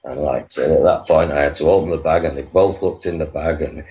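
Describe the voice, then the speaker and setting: A man's voice: a bass voice, brisk, darkish tone. A man telling a long rambling anecdote as an interview guest, chuckling and full of fillers. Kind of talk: anecdotal storytelling. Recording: dull lo-fi recording.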